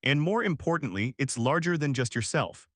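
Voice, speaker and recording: A man's voice: fairly high pitch, lively intonation, normal speed, fairly bright tone, no room sound. Man reading cheerful educator, passionate, determined, dry close sound.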